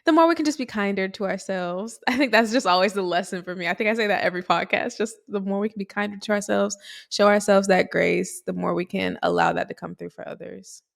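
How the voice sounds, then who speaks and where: Woman, podcast host, casual, reflective, laughs easily, gravelly vocal fry. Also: medium pitch, fast talker. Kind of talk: casual conversation.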